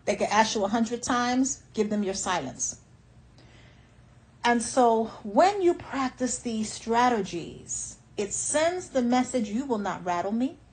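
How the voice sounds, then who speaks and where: A woman's voice: on the high side, lively intonation, slow, low-quality recording. A woman life coach giving motivational advice in a firm, emphatic way, often repeating her instructions.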